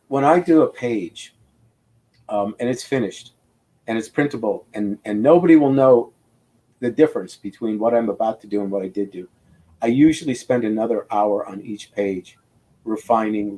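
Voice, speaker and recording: Older guy on a video call telling inking stories, rambling and animated, keeps restarting sentences. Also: lowish voice. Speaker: comic book inker, guest. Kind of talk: casual video interview.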